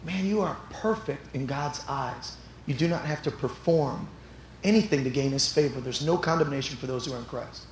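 A man pastor preaching a sermon, telling animated stories that build up to shouts. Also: mid-range voice, normal speed, roomy sound, slight background noise, low-quality recording. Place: church sanctuary.

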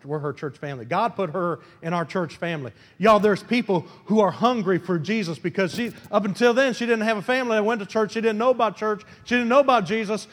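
A pastor with a very high voice preaches a fervent sermon, repeating key phrases and slipping into colloquial asides. His voice carries a long reverb, as if it fills a large church sanctuary.

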